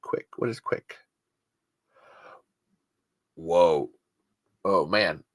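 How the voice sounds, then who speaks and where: A man's voice: low voice, drawn-out words, no room sound. A man hosting a podcast, rambling and joking in casual chat. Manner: rambling, joking, self-mocking. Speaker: podcast host.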